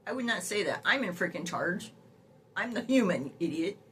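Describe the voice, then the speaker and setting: Older woman, great-grandmother, chatty vlog storyteller, sassy, exasperated, laughing often, mid-pitched voice. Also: lively intonation, moderate pace, slight background noise. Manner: laughs often while talking. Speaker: vlogger. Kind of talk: casual storytelling.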